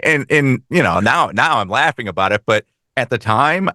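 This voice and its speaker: A man co-hosting a casual talk show, telling stories fast with lots of quoted dialogue and some swearing. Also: medium pitch, lively intonation, pushed and bright, no echo, studio quality. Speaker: podcast co-host. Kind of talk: casual chat.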